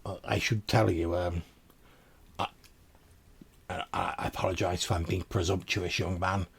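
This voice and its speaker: A man voicing a genteel old vampire crone woman who speaks formally and courteously, often halting and repeating words. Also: deep voice, flat delivery, vocal fry, husky, full character voice.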